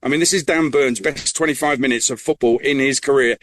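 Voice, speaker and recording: A man's voice: mid-range voice, brisk, a bit bright. A man giving post-match radio analysis, enthusiastic and full of praise for the players. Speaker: football reporter.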